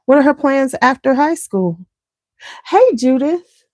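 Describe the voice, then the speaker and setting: A woman's voice: high voice, lively intonation, slow pace, a little mellow, dry recording. A woman hosting a beauty channel, chatting casually and scattered with viewers and greeting them by name. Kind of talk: casual chat with live viewers.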